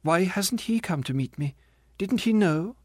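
A man's voice: high-pitched, lively intonation, a little slow, slightly rough, no echo, studio quality, pitched above the performer's own voice, exaggerated voice. A male narrator voicing a grieving woman's ghost who speaks sharply and reproachfully in an audiobook. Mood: disappointed, fierce. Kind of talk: audiobook character reading.

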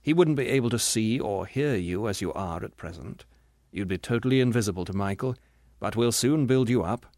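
A man reading the part of a gentle, patient spirit who calmly explains things to his grieving sister in an audiobook. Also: on the low side, a little fast, no room sound, clean studio sound, lightly acted. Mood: gentle, soothing. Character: patient, gentle bright spirit, the ghost's brother.

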